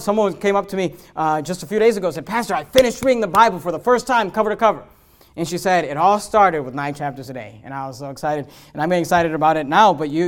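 A pastor preaching with a fairly high, clear, resonant voice. He talks through his points in an easy, conversational way, then climbs into loud, emphatic runs. It is a fervent man's sermon delivery. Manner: conversational asides with fillers and restarts.

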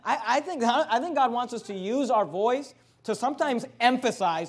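A male pastor preaching a sermon, moving between loud emphatic lines and softer, lowered asides. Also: brisk, hardly any pauses.

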